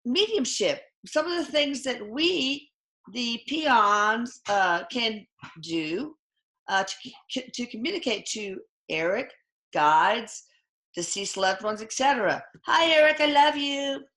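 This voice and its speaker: A woman hosts a casual chat, chatty and quick to poke fun at herself. Her voice sits fairly high and is bright, with lively swings in pitch. The room around her is echoey. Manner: chatty, self-mocking, animated. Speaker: host.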